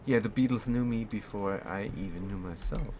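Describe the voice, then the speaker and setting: There's slight background noise as this German streamer gives easygoing commentary on his game, reading chat and chuckling frequently. His voice is lowish and a little mellow, moving at a moderate pace.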